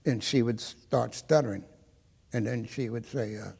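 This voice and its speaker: A man's voice: medium pitch, steady tone, moderate pace, gravelly, darkish tone, husky, big-room sound. An older man from Maryland, an interviewee recounting his personal history, who tells his story and often acts out the dialogue he remembers.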